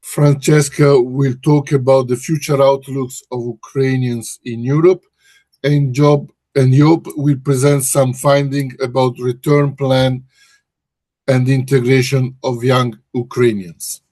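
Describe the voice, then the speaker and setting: In a dry recording from a Brussels office, a research director hosting a webinar speaks slowly in a dark, mid-range voice with little pitch movement. His delivery is hesitant, full of restarts and self-corrections.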